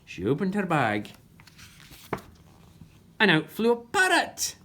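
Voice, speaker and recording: A woman reading a children's story aloud with expressive narration. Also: fairly low pitch, slow, a little hiss or hum.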